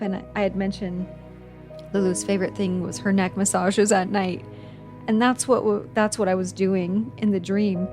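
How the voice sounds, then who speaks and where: Middle-aged woman host, tearful and heartfelt storytelling, medium pitch, faint music underneath. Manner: emotional, on the verge of tears; heartfelt with many restarts and fillers. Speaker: podcast host. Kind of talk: personal storytelling.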